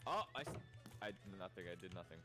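A woman co-playing a game on stream, chatting in a laid-back, teasing way with quiet asides. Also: a bass voice, lively intonation, fast, music in the background. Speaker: streamer's co-player. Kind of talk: casual gaming stream chat.

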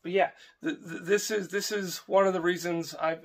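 A young man with a fairly high voice chats casually to his viewers. He rambles, trails off and restarts his sentences, filling the gaps with ums and uhs. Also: fairly even intonation, normal speed. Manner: rambling and affectionate, with many fillers and restarts. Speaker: homestead vlogger. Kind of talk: casual vlog chat.

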